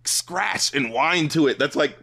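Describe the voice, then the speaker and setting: A man's voice: on the high side, lively intonation, a little slow, vocal fry, pushed and bright. A man co-hosting a podcast, chatting casually about an album, laughing often and swearing freely. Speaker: podcast co-host. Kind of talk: casual chat, album review.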